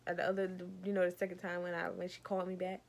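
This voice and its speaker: A woman's voice: on the low side, monotone, racing. A young woman, telling an exasperated storytime rant to her viewers, often calling them y'all. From Savannah, Georgia. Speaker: vlogger.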